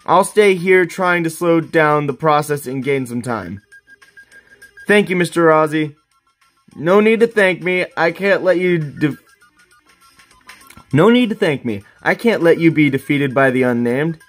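Brief: man voicing a game's heroic plumber, read plainly, slightly high voice. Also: unhurried, pauses often, faint music behind, close to an everyday voice. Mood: calm. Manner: reads dialogue boxes aloud in a plain voice. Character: famous male plumber rescuer, calm and helpful.

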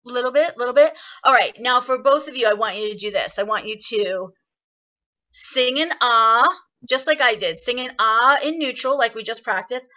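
A woman leading an online singing workshop, chatty and encouraging, explaining with lively examples over a video call. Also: a little high, normal speed, dull audio. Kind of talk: online voice lesson.

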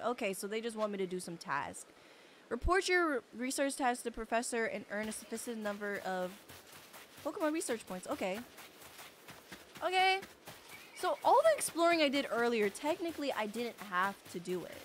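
Lively high-voiced young woman streamer. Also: fairly quick, slight background noise. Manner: playful, bursts into squeals and laughs. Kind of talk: live gameplay stream chat.

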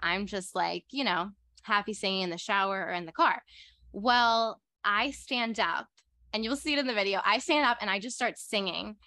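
A young woman co-hosting a podcast, telling a story in a rambling, excitable way and filling her talk with "like". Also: medium pitch, moderate pace, dry recording. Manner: rambling and excitable, heavy use of "like". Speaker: podcast co-host. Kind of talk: casual storytelling chat.

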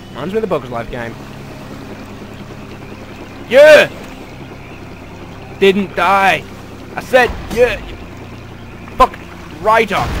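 A man's voice: high-pitched, background noise. A young man commentating a video game from his bedroom, sarcastic and sweary. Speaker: gamer. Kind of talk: let's play commentary. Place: bedroom at home.

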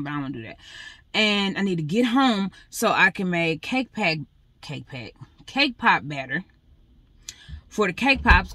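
A young woman with a slightly low voice talks casually into her phone camera, calling her viewers "y'all" as she runs through a busy day. She is pregnant and sometimes a little out of breath. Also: a bit bright, slight background noise. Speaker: vlogger. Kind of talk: casual vlog chat.

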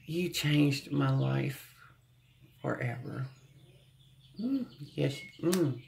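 A tarot reader giving a gentle, channeled reading to viewers, often humming and sighing and sounding close to tears. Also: mid-range voice, expressive, drawn-out words, gravelly, slight background noise. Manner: speaks with emotion, close to tears at times.

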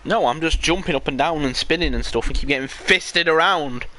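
A man's voice: fairly high pitch, a little fast, pushed and bright. A young British man chatting casually and joking while streaming a game, laughing often and wandering off on asides. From Britain. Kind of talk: casual live gameplay chat.

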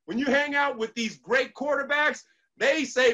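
A man's voice: very high voice, measured pace, pushed and bright, rough recording. A man giving a motivational speech, talking emphatically and repeating his affirmations again and again. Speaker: motivational speaker.

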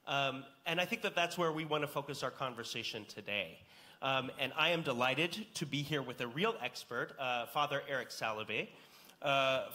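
An American man with a bright, forward voice leads a panel discussion. He sets up topics in a relaxed, conversational way, with frequent ums between thoughts. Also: mid-range voice. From United States. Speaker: panel moderator.

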